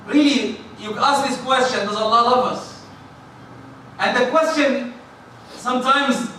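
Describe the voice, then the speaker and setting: Male preacher, fervent and emphatic, high voice, recorded far off in an echoey room. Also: bright, forceful tone, a little hiss or hum. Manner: fervent, rising emphatic delivery. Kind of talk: sermon.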